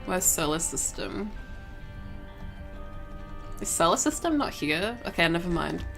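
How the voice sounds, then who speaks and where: Young woman, streamer, slow rambling chat, giggly, swears casually, faint music in background. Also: fairly low pitch, sing-song, gravelly, fairly bright tone. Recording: faint game music behind.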